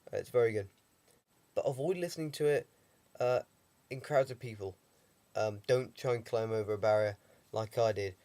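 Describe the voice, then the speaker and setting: Young vlogger with a cold. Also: male voice, mid-range voice, warm tone. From England. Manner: dry, rambling humour with many ums. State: has a heavy cold. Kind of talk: casual video diary.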